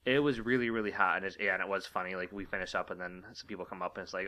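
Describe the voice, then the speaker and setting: A man co-hosting a casual talk show, talking in halting bursts full of fillers and restarts. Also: low voice, steady tone, dull audio. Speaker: podcast co-host. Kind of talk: casual chat.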